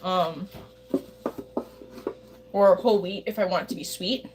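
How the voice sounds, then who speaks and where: A woman's voice: on the low side, a little slow, a little mellow, husky. A woman livestreamer chatting casually with her viewers as she bakes, rambling and talking straight to her chat. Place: home kitchen.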